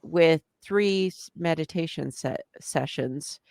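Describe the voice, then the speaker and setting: Co-host thinking out loud, dry close sound, lots of ums. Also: mid-range voice, slow, gravelly, no room sound. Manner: musing, trailing sentences with many fillers. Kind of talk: reflective conversation.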